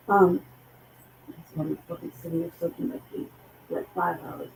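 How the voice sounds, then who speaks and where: A woman co-hosting a casual talk show, hoarse from losing her voice, rambling and profane. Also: on the low side, fairly even intonation, normal speed, long pauses, warm tone. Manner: rambling, profane, laughs between thoughts. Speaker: co-host. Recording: echoey room with faint noise.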